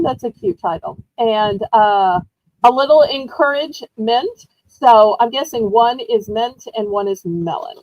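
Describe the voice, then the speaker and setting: A woman's voice: a little high, animated, a little slow, darkish tone, no echo, highs cut off. A woman hosts a live online auction in a rambling, chatty storytelling way, laughing often. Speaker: live-stream auction host. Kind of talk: casual live-stream selling chat.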